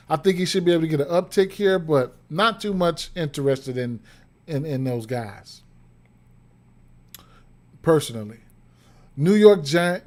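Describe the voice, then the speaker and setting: A man doing casual livestream betting analysis, rambling with frequent fillers and repeated words, interrupted by hiccups. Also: a little high. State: has the hiccups. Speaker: sports betting streamer.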